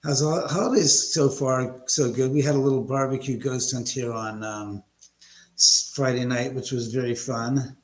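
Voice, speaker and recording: A man's voice: medium pitch, moderate pace, roomy sound. A man hosting a casual live stream from his home, rambling and greeting viewers by name. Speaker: livestream host. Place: room at home.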